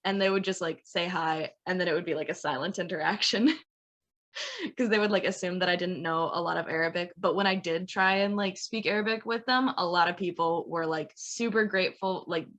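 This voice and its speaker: A woman's voice: on the low side, brisk, a bit bright. A young woman speaking as a student panelist over a video call, rambling casually with lots of "like" and "you know.". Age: young adult.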